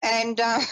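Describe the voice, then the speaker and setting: A woman psychic telling a personal story in a chatty, animated way, with self-deprecating asides. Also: fairly high pitch, dry recording, rough recording. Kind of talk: personal storytelling on a live call-in show.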